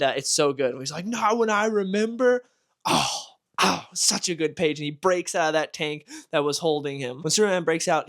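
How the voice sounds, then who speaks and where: Young male vlog host, slightly high voice, enthusiastic comic reviewer. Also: fairly bright tone. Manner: enthusiastic, gushing.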